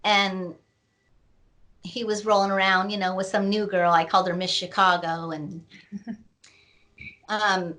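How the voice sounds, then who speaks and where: A middle-aged woman, an author, slowly telling a painful personal story in an interview, with many pauses and fillers. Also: medium pitch, little pitch movement, pushed and bright. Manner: slow, reflective, with many fillers. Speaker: author and guest.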